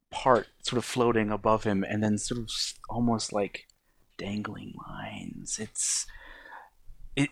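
A man acting as game master, describing scenes slowly and hesitantly with many fillers. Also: fairly low pitch, fairly bright tone. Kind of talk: narrating a tabletop game.

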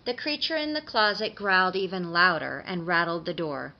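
A woman narrating a dark fairy-tale story as a steady reader, on slightly dull audio. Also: on the low side, normal speed.

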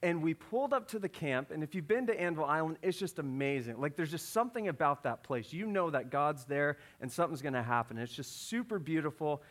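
A man's voice: on the high side, expressive, a little fast, few pauses, fairly bright tone. A man in his thirties preaching a sermon, telling a family story and acting out the voices in it. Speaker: pastor.

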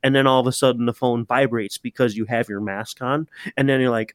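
A young man co-hosting a casual podcast, telling animated, swear-filled stories in a relaxed chat. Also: medium pitch, brisk, dry recording. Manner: animated storytelling, swears, mimics himself. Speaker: podcast co-host.

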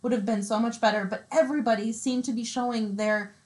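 A woman with a slightly high voice talks casually, sharing firm opinions. She thinks out loud, restarts sentences and lets thoughts trail off. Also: fairly even intonation, brisk. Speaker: co-host discussing a film. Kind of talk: casual chat.

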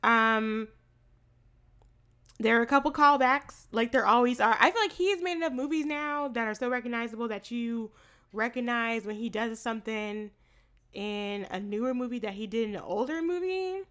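A woman co-hosting a casual movie review podcast, animated, laughing often and swearing freely. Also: a little high, moderate pace, smooth. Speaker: podcast co-host.

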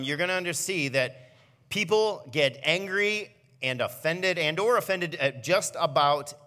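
A man, a student pastor, giving a sermon with animated, self-mocking personal stories. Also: a little high, big-room sound. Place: church auditorium.

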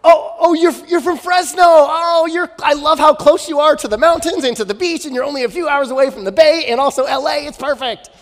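Schmoozy young prince, played by a man, high gushing flattery, big hall echo. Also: fairly quick, hardly any pauses. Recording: long hall reverb.

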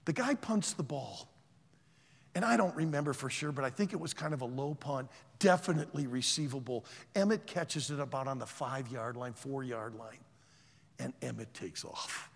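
A man preaching to college students, telling a story in a loud, animated way. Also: fairly high pitch, normal speed, gravelly, husky, in a large hall. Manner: animated storyteller, shouts quoted lines. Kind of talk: sermon with a story.

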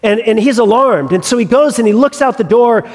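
A man's voice: very high-pitched, fairly quick, in a large hall. A male pastor preaching a sermon, retelling a story with humorous asides.

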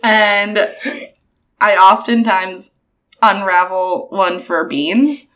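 A woman's voice: medium pitch, very slow, fairly bright tone. A young woman co-hosting a podcast in casual chat, laughing often and swearing freely. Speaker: podcast co-host.

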